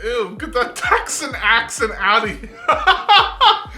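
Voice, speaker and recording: A woman's voice: on the high side, sing-song, takes it slowly, pushed and bright, faint music behind. A woman giving sassy, laughing reaction commentary on a video.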